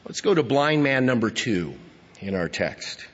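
A man's voice: medium pitch, sing-song, a little slow, long reverb tail, lo-fi sound. A male pastor preaching earnestly and emphatically, reading scripture and asking rhetorical questions.

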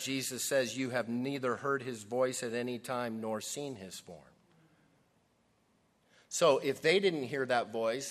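Preacher swinging from booming to hushed. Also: male voice. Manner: dynamic, swings from loud emphasis to hushed near-whisper. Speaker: pastor. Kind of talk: sermon.

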